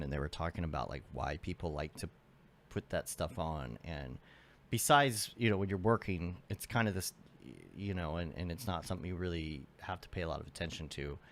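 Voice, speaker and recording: A man's voice: low voice, animated, brisk, a little hiss or hum. A man hosting a podcast in casual interview chat, rambling and trailing off as he searches for his thoughts. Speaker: podcast host.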